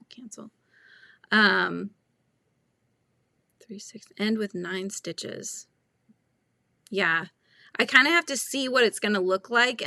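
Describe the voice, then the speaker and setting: Woman, crochet livestream host, chatty, thinks aloud, slightly gravelly, bright. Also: medium pitch, no echo. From California. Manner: thinks aloud, reads viewer comments and pattern steps softly. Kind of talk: casual live chat while crocheting.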